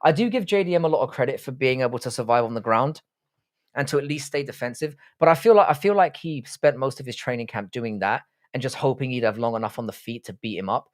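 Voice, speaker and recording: A man's voice: mid-range voice, quick pace. A man in his thirties hosting a casual live stream, swearing freely and bantering with his chat. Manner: profane, joking banter with chat. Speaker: livestream host reacting to fights.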